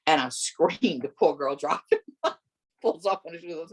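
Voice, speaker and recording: A middle-aged woman recounts her story as an interview guest, lively and expressive. She acts out each person's lines and her voice leaps high when she quotes them. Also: unhurried, slightly rough. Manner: animated, acts out voices with big pitch jumps and laughter.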